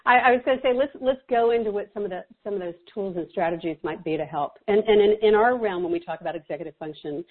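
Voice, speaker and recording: A woman's voice: medium pitch, fast talker, few pauses, husky, phone-quality sound. A woman hosting a podcast interview, repeating her words as she jumps in with questions. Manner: repeats words when jumping in. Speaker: podcast host.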